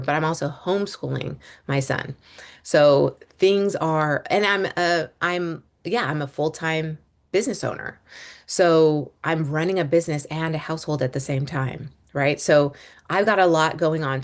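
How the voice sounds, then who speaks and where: A woman in her thirties, a homeschooling mom and business coach, talking to listeners in a loose, rambling monologue with fillers and restarts. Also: deep voice. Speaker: podcast host, business coach. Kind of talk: casual monologue.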